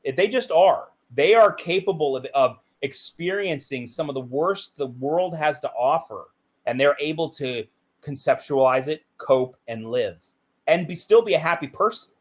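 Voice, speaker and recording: A man's voice: on the high side, expressive, normal speed. Intense man speaking with emphasis. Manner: intense, emphatic, uses "right?" and "like" often. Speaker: interview guest, BASE jumper. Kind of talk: reflective interview talk.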